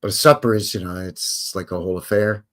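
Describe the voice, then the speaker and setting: A deep-voiced Canadian man runs a livestream, talking a little fast with fairly even intonation and a slightly bright tone. He rambles in casual conversation with his live audience, frequently questioning himself.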